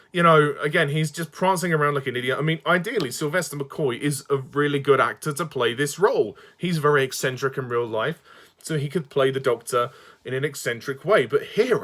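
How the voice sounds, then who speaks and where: A man's voice: medium pitch, a bit bright. A man delivering an exasperated ranting review monologue, swearing and sighing often. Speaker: fan reviewer.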